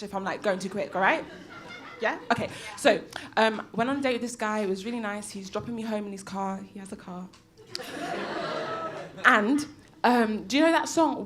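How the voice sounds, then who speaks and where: On a comedy club stage, a young woman tells a rambling, giggly stand-up story as the live audience laughs. Her voice is a bit bright and a little high, and she speaks briskly.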